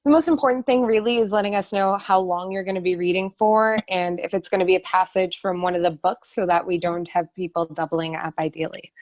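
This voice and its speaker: A woman's voice: on the low side, fairly even intonation, a little fast, hardly any pauses. A woman co-organising a storytime video call, cheerfully explaining the arrangements to everyone. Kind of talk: casual chat on a video call.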